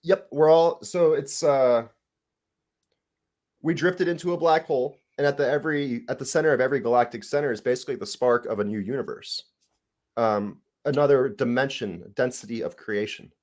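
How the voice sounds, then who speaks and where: A man's voice: mid-range voice, normal speed, a little mellow. A man who is a guest on a casual podcast, explaining his ideas steadily with some fillers. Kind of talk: casual conversation.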